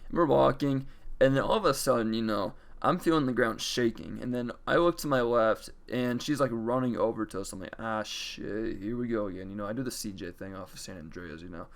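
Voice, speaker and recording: Young male storyteller, clear smooth voice, casual and chatty, swears freely. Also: mid-range voice, a little fast. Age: young adult. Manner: casual, profane, chatty retelling; acts out quoted lines in varied voices.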